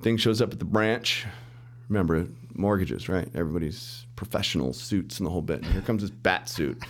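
A middle-aged man, a mortgage lender, telling his story as a podcast guest in an animated way, acting out the dialogue and laughing as he goes. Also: deep voice, brisk. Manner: animated storyteller, acts out quoted dialogue, restarts and laughs often. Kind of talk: casual storytelling interview.

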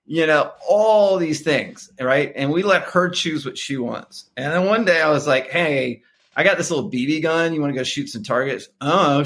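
Animated male podcast guest telling stories. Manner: animated, acts out dialogue with sharp pitch jumps. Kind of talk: casual storytelling interview.

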